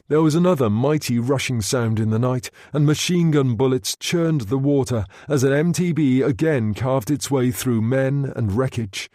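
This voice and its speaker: A man narrating an audiobook in a measured, steady reading. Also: mid-range voice, no room sound, studio quality. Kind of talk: scripted narration.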